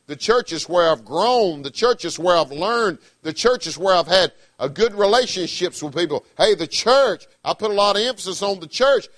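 A middle-aged man, preaching a sermon with emphatic, swinging delivery, loud declarations dropping to quiet asides. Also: fairly high pitch, dry recording.

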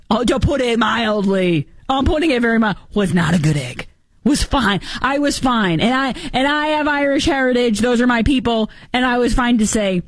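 Animated, sarcastic woman commentator. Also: fairly high pitch, no room sound. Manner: animated, sarcastic, mimics other people's voices. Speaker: political commentary host. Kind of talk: opinionated political commentary.

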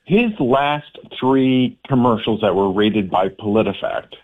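Radio caller on a tinny phone line. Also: male voice, on the low side, unhurried. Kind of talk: call-in question.

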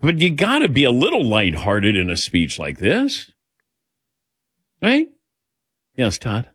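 Lively, animated male radio host. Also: mid-range voice, slow pace, breathy edge, dry recording, clean studio sound. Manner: animated, self-deprecating, rambling. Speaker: radio show host taking callers. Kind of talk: casual talk radio chat.

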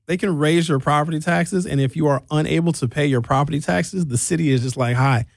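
A man's voice: a little high, fairly quick, vocal fry, dry recording. A man in his forties hosting a radio talk show, riffing in a comedic monologue and acting out characters in quotes. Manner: animated, acts out characters in quotes. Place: radio studio. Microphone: studio microphone.

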